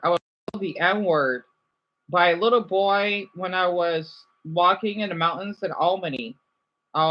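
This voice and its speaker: A man's voice: high voice, lo-fi sound. A young man reading viewers' chat comments aloud and answering them on a casual livestream. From United States.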